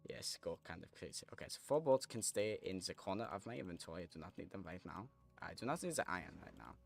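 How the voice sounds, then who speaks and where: Low-voiced young man chatting while gaming. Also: expressive, fast talker, gravelly, faint music behind. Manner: rambling, chatty, reads chat aloud while playing. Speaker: streamer. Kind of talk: casual gameplay stream chatter.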